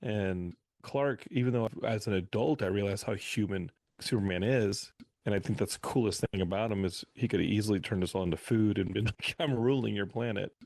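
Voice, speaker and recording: A man on a podcast as a guest, telling animated stories in a casual interview. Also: lowish voice, fairly quick, no room sound. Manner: animated anecdotal storyteller.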